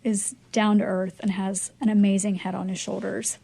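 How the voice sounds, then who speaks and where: Gravelly woman telling a lively story. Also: mid-range voice, normal speed. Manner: lively storyteller who acts out dialogue and laughs often. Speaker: charity fundraiser guest. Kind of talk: storytelling interview.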